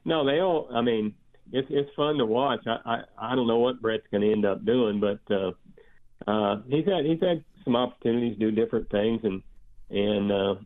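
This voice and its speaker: An older man with a drawl calls in as a guest, chatting about family and baseball. He rambles, restarting sentences and filling gaps with "uh" and "you know." His voice comes through a thin, tinny phone line at a middling pitch. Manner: rambling, halting, many restarts and fillers. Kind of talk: casual phone interview.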